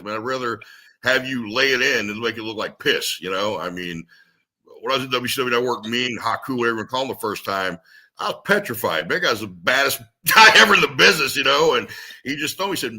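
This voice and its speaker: Young wrestler guy swearing and telling road stories, bright voice. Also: medium pitch. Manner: profane, animated storytelling. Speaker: pro wrestler guest. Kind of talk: casual podcast chat.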